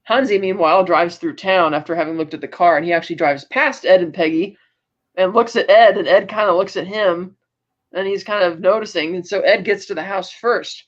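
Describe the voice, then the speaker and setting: A woman co-hosting a podcast, casually recapping a TV episode in detail with many fillers and quick asides. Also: on the low side. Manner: retells scenes in detail, acting out characters' lines with filler words. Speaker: podcast co-host. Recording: dull lo-fi audio.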